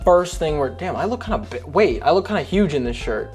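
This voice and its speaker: A man's voice: a little high, sing-song, a little fast, a little mellow, soft background music. A young American man chatting in a casual vlog at home, dramatic and self-mocking, swearing as he talks. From United States. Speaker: streamer and vlogger. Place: at home, setting up a computer.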